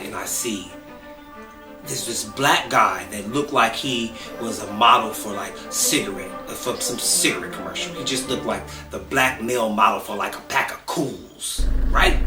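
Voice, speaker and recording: Animated vlog host, lively delivery, distant mic in an echoey room. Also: mid-range voice. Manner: animated, acts out the story. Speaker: show host. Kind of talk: storytelling vlog. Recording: roomy echo, distant mic, music behind.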